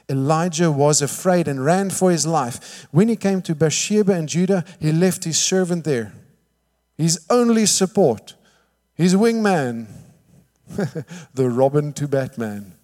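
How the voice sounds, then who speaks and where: A man preaching a sermon, telling the story lively, acting out the quotes and often asking "all right?". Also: sits high, a little slow. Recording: long hall reverb.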